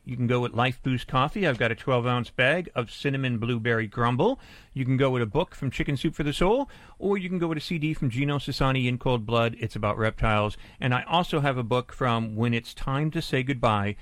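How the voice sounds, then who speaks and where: A man's voice: medium pitch, a bit bright, no room sound. A man hosting a pet radio show, chatting casually and repeating the call-in number.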